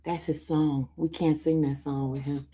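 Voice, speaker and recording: Answering viewer questions on a casual livestream, a woman reads comments aloud and chats with her dog. Her low voice is warm and slightly rough, with a flat delivery at a moderate pace.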